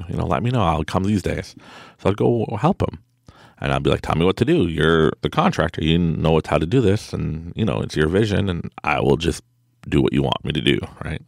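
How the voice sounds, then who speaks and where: A man's voice: deep voice, gravelly, dry recording, clean studio sound. A man hosting a podcast, telling a rambling story in a casual monologue, full of fillers and mocking quoted voices. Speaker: podcast host.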